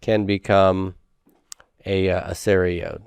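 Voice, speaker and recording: Male Hebrew instructor, patient and repetitive, slow measured delivery, dry close mic. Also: sits low, little pitch movement, clear, resonant tone, no echo. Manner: patient, repeats words slowly, checks in with "okay?". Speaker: Hebrew teacher. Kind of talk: recorded grammar lecture.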